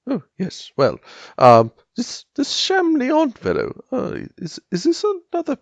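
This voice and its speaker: Interviewer, polite and fumbling, very lively pitch swings, gravelly tone. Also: unhurried, no echo. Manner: polite, hesitant, full of ums and uhs. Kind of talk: hesitant interviewing in a comedy sketch.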